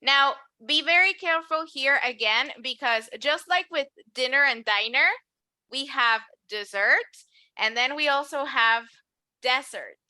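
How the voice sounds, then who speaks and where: A woman's voice: sits high, normal speed, few pauses, bright, forceful tone, no room sound. A woman teaching an English class, explaining patiently and switching to Spanish to clarify. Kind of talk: online English lesson.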